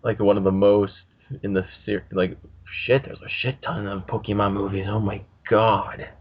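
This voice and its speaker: A man's voice: lowish voice, little pitch movement, normal speed, slightly rough. A man hosting a casual podcast, rambling and swearing freely as he talks. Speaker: podcast host. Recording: muffled lo-fi audio.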